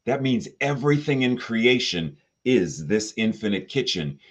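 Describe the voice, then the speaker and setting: Man preaching an animated, unhurried sermon. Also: on the low side, slightly rough, muffled recording. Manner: expressive, rhetorical questions, playful asides. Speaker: spiritual director.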